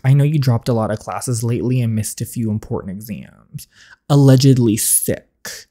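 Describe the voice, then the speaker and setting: A woman reading an interactive story game aloud and reacting to it, voicing every character in her own voice and jumping up high and loud when she reacts. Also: normal speed.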